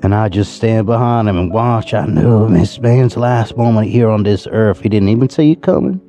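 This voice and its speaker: A man voicing a menacing rural Southern man who slowly confesses a killing, in a put-on Southern US accent. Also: on the low side, mellow, soft background music, close to an everyday voice. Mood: sinister musing. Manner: slow drawl, musing and sinister.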